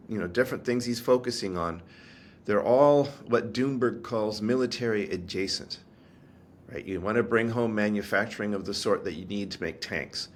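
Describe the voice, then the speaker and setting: Low-voiced man giving candid analysis. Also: slight background noise. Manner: candid, emphatic, explains in long thoughtful runs with small restarts. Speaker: commodities analyst guest. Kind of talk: interview answers.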